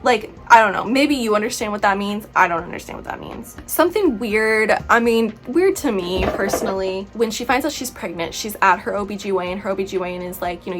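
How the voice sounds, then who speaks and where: A woman's voice: medium pitch, fairly quick, hardly any pauses, fairly bright tone, faint music behind. A woman chatting through a book review vlog, exasperated and rambling, with many "like"s. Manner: exasperated, chatty, heavy use of "like".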